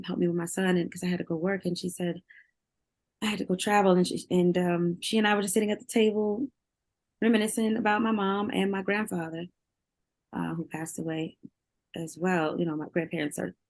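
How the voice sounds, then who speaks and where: Candid woman guest, lowish voice. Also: a little mellow. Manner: candid, heavy filler use, laughs easily. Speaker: singer, interview guest. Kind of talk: emotional interview conversation.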